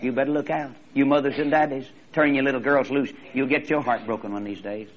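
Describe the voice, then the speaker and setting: A man preaching in a folksy, animated storytelling way, often repeating his phrases. His voice is husky and mid-pitched. The recording sounds slightly muffled and lo-fi. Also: fast. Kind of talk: storytelling sermon.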